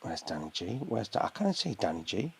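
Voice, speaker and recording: A man's voice: fairly low pitch, big pitch swings, a little fast, creaky, husky. A British man in casual live-stream banter on a video call, teasing, rambling and swearing freely. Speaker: panel guest.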